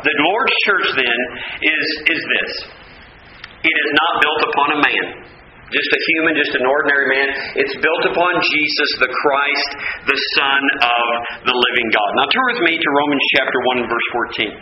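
A man with a fairly high voice preaches an emphatic sermon, hammering key phrases again and again. The sound is very roomy and a little dull, with faint ambience underneath. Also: moderate pace, background noise. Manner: emphatic Bible teaching, repeats key phrases.

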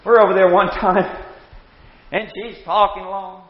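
A man in his sixties teaching a Bible class with anecdotes, animated, chuckling and repeating words as he starts sentences. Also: high-pitched, a little slow. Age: 60s. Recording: echoey hall, dull lo-fi sound.

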